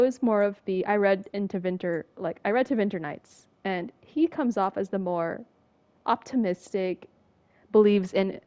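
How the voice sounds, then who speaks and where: A woman's voice: mid-range voice, darkish tone, clear, resonant tone, dry recording. A woman streaming a game, reading in-game text aloud with casual asides and frequent laughter.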